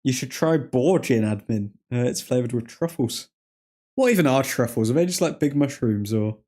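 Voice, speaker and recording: A man's voice: medium pitch, lively intonation, normal speed, warm tone. A man with an English accent casually hosting a football watchalong, chatting and reacting to viewer comments. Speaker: livestream host.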